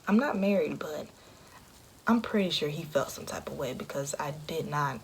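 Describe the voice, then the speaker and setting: Low-voiced woman sharing candidly. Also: lively intonation, normal speed, a little hiss or hum. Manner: candid, conversational, drops into a hush often. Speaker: vlogger. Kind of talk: personal storytelling to camera.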